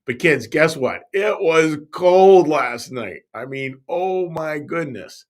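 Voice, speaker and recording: A man, a pastor, telling a Bible story to young children in a playful, animated way, speaking right to the kids. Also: on the high side, slow.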